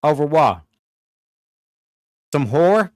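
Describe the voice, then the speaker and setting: A man hosting a show, giving a blunt, profane and animated commentary rant. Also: a little high, drawn-out words, no echo, clean studio sound. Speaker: show host.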